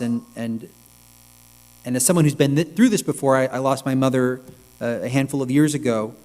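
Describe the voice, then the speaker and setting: A male rabbi giving a reflective, measured sermon, with pauses, in a synagogue sanctuary. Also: medium pitch, a little mellow. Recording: long reverb with mains hum.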